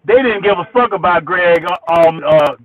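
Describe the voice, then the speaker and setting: With a crowd audible behind him, a man animatedly recounts his days as a musician, swearing freely and restarting sentences before finishing them. His high voice, at a moderate pace, sounds squeezed and tinny, like a telephone radio hookup.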